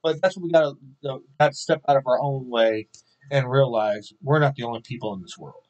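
A man's voice: medium pitch, a little fast, darkish tone, muffled recording. A man sharing a candid, self-mocking personal story as part of a sermon.

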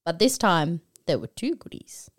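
A woman's voice: fairly low pitch, very animated, moderate pace. A woman co-hosting a film podcast, teasing her co-host and giving short replies. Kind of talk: casual film review chat.

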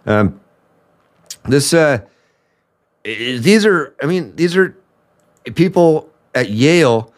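A man's voice: on the high side, expressive, slow pace, pauses often. A man from the United States hosting a political commentary show, ranting with anger and profanity. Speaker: podcast host.

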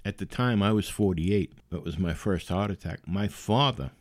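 A man's voice: deep voice, normal speed, dry recording. A man in his fifties telling a personal story in a plain-spoken, conversational way with wry humor.

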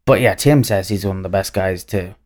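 An Irish guest speaking in a relaxed, conversational way, his voice sitting a little low. He fills his sentences with small hesitations and corrects himself mid-thought. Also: a little fast. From Ireland. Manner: easygoing, lots of fillers and self-corrections. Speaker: guest, brand representative. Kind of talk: casual conversational interview.

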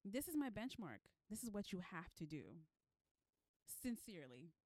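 A woman's voice: medium pitch, sing-song, normal speed, darkish tone, no room sound. Emphatic woman talking books. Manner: earnest, emphatic, affirming. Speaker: podcast co-host. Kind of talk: casual book chat.

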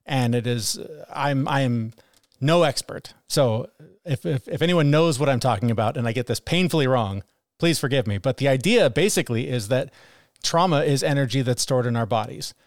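A man's voice: mid-range voice, expressive, moderate pace, no echo, clean studio sound. A man co-hosting a podcast, talking candidly and with plenty of swearing about self-criticism, sometimes acting out his own harsh inner voice. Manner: frank and profane, acts out his inner critic. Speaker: podcast co-host. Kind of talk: candid conversational chat.

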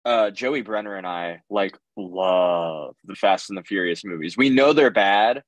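Deep-ish male co-host with dry, close sound and a deadpan, jokey delivery. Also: unhurried, no room sound, lo-fi sound. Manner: joking, deadpan asides, slangy. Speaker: podcast co-host, tattoo artist. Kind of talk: casual storytelling chat.

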